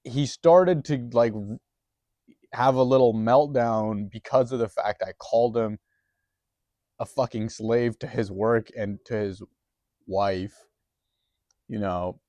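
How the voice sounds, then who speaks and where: A man's voice: mid-range voice, slow pace, long pauses, mellow, no echo. A man telling a story in a rambling, profane, casual way, full of restarts and chuckles.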